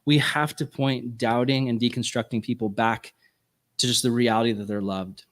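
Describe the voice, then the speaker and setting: An earnest man gives an informal teaching talk to people who work with youth. His voice sits at an ordinary middle pitch. He speaks off the cuff, full of likes and restarts. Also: steady tone, moderate pace, a bit bright. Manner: speaks without notes. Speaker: youth ministry workshop speaker.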